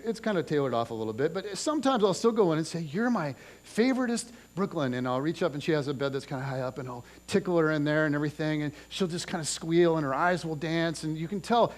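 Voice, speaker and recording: A man in his forties preaching a sermon in a church, talking in a loose, conversational way and telling family stories with lots of restarts. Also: fairly high pitch. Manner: conversational, animated storytelling with restarts. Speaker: pastor. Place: church auditorium.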